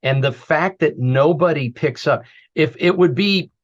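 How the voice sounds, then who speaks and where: A man's voice: fairly high pitch, measured pace. A man raised in the southern United States, hosting an interview and talking in a rambling way with restarts. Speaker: show host. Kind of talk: casual interview chat. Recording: dull lo-fi sound.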